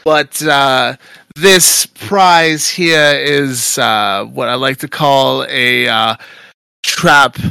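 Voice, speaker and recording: A man voicing a thin, smug male casino boss with a huge grin during a tabletop game. He speaks in a smooth, taunting way. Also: medium pitch, extremely slow, sharp tone, no echo, exaggerated voice. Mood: gloating.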